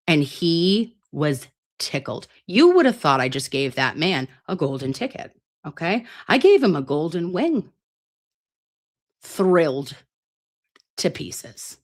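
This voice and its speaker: A woman in her late thirties hosting a live stream, chatting in a rambling, playful and sometimes crude way. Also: low-pitched. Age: 30s. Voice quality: self-described grating voice. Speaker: livestream host. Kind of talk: casual livestream chat. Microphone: computer mic on a live stream.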